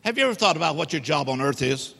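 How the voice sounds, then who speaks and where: The recording captures a middle-aged man as guest preacher in a church sanctuary, emphatic and bantering with the congregation amid echoey reverb. He speaks fast and expressively in a fairly high, creaky voice that's a bit bright and slightly rough.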